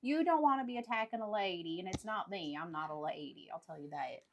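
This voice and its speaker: A woman's voice: medium pitch, expressive, quick pace, voice pushed down, natural voice. A woman voicing a folksy, brash male traveling companion who talks in a bluff drawl.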